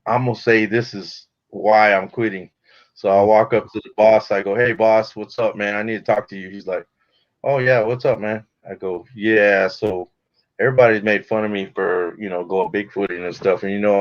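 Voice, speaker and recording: A man's voice: lowish voice, fairly even intonation, normal speed. A man telling a laid-back, slangy story in casual chat. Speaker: guest. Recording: dull lo-fi call audio.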